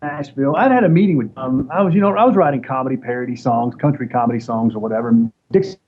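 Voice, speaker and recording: Animated man telling a story. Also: medium pitch, fast. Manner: animated storyteller acting out quoted voices. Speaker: interview guest, former wrestler. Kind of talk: casual storytelling. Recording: dull lo-fi sound with faint noise.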